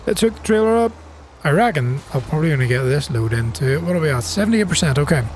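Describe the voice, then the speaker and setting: A middle-aged Northern Irish man, his accent smoothed down for viewers, talks through his farming game in a rambling, friendly way. His voice sits a touch high and moves a great deal as he thinks aloud. Faint background noise runs under it. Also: animated, quick pace. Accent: Northern Irish, softened. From Northern Ireland. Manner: chatty, thinks aloud with many ums. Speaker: gaming channel host. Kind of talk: casual gameplay commentary.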